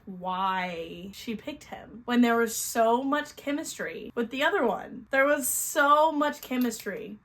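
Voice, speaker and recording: Blunt, animated young woman ranting. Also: fairly high pitch. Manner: blunt, animated, swears freely. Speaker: book vlogger. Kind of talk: casual book review rant.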